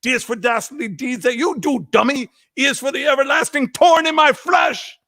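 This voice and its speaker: A man's voice: very high-pitched, moderate pace, voice pushed up, exaggerated voice. A man voicing a drunk, furious Jamaican father who rants insults in a Jamaican accent. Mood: drunk, ranting. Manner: ranting alphabet insults, shouting.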